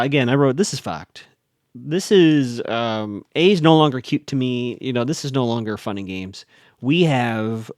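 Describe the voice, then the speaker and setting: A man hosting a solo podcast, recapping a TV episode in casual, animated talk with fillers, restarts and blunt asides. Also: mid-range voice, no echo, studio quality.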